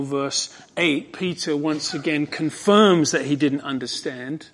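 A man delivers an expository sermon with fervor and emphasis, sinking to a hush and then swelling into ringing declarations. His voice sits a little high, and he speaks slowly.

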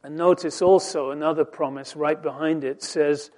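A preacher with a slightly high voice and steady tone quotes scripture in a slow, deliberate sermon. He shifts back and forth between soft, dropped phrases and loud, emphatic lines that rise.

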